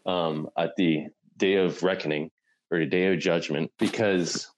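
Low-voiced man; loose, rambling conversational storyteller. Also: steady tone, measured pace, a little hiss or hum, low-quality recording. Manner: rambling retelling, full of "like" and "right?". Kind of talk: casual conversation.

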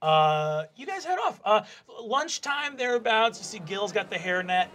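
A man's voice: high-pitched, sing-song, normal speed, a bit bright. A man narrating as game master in a casual, laughing way.

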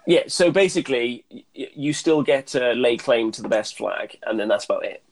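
A man's voice: mid-range voice, normal speed, poor audio. A man with a Welsh accent co-hosting a podcast, chatting casually and making jokes and asides. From Wales. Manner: jokey, banters with asides. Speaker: podcast co-host. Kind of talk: casual comedic chat.

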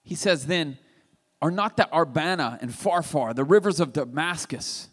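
A man preaching a sermon, retelling a story with animated, emphatic delivery. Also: fairly high pitch, normal speed, husky. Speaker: pastor. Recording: reverberant hall.

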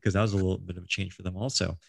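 A man's voice: low-pitched, little pitch movement, rapid-fire, gravelly, breathy edge. A middle-aged man hosting a casual interview, rambling with many ums and restarts. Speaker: host.

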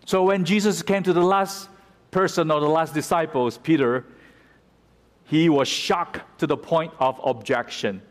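A man delivers a sermon, explaining scripture verse by verse and turning dramatic whenever he quotes it. His voice sits a little high for a man. A long reverb from the hall trails after his words. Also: measured pace. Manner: expository, dramatic when quoting scripture. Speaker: pastor.

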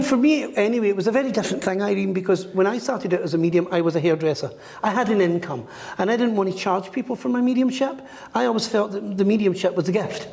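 Acting out each person's voice, a middle-aged medium narrates a story in an interview. His high voice has vocal fry and a slightly mellow quality, and the room is echoey with long reverb.

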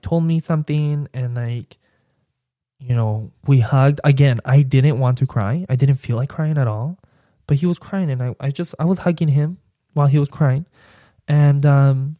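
A young man hosts his own podcast and tells a personal story in a loose, meandering way, with "like" in nearly every phrase. His voice is mellow and warm at a middle pitch, and it is recorded dry and close. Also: no room sound. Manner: rambling, heavy use of "like" as filler. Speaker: podcast host.

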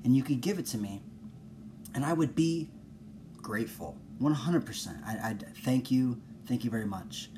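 A man hosting a casual solo podcast, rambling and self-mocking, low-key with bursts of exasperated ranting. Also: lively intonation, normal speed, noisy background.

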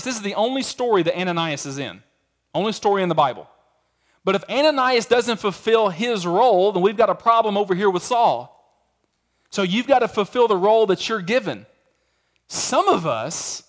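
High-pitched middle-aged guy preaching, chatty, storytelling, acts out little quotes. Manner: conversational, storytelling with acted quotes. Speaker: pastor. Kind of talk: sermon.

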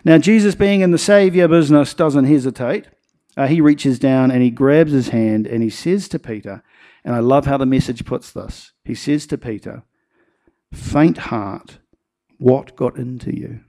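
A man's voice: medium pitch, normal speed. A man preaching a sermon and telling stories with acted-out quotes. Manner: animated storytelling with acted-out quotes. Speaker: pastor.

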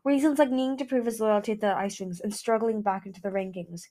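A woman reading a novel aloud in a plain, steady way with small slips. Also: mid-range voice, quick pace. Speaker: fan audiobook reader.

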